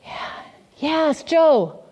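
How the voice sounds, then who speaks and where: A woman's voice: high-pitched, sing-song, drawn-out words, mellow. A woman pastor giving an interactive sermon in a church, asking the congregation questions and repeating their answers back. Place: church sanctuary.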